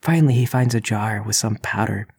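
A man narrating as game master in a tabletop game, telling the story steadily with soft asides. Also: fairly low pitch, brisk, husky.

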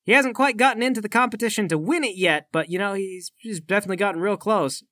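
A man's voice: high-pitched, quick pace, pushed and bright, no echo, clean studio sound. A man playing a tabletop game, joking and trash-talking in character. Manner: brash, joking trash talk. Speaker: player. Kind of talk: tabletop game role-play.

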